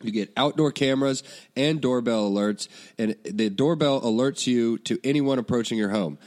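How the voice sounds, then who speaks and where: A man's voice: mid-range voice, normal speed, darkish tone. A man co-hosting a podcast, chatting casually with a laid-back, swearing manner and hyping sponsors. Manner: laid-back, profane, hypes products. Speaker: podcast co-host. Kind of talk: casual chat and ad reads.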